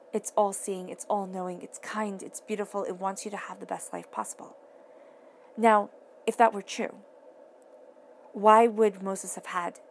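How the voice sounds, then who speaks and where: Earnest woman tarot reader, gravelly fry. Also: medium pitch, a little hiss or hum. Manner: earnest, repeats and restates phrases; emphatic, talks straight to the listener. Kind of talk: casual tarot reading to camera.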